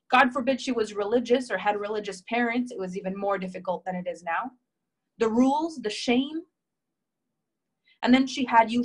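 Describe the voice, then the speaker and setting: A woman's voice: on the high side, rough recording. A woman coach speaks in a live session, telling a personal story and answering viewer comments. Her emphatic, heartfelt delivery leans on repetition and conversational fillers. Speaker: relationship coach.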